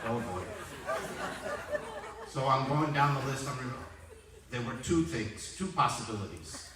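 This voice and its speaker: A man in his sixties delivers a roast, telling dry, self-mocking anecdotes in an animated voice of medium pitch at a measured pace. He's recorded from far off in an echoey hall, with loud noise and crowd sounds.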